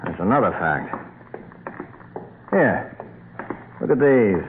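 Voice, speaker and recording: An actor playing a brooding, impatient husband in an old-time radio drama, gruff and menacing. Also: male voice, fairly low pitch, big pitch swings, slow. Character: brooding husband luring his wife underground. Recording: tinny lo-fi old radio broadcast with hiss.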